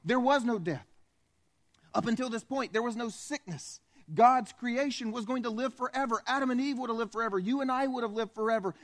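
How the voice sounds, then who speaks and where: A male pastor preaches in a church with a fairly high voice. He tells the story vividly and keeps speaking straight to the congregation. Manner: storytelling, addresses the congregation directly. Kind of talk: sermon.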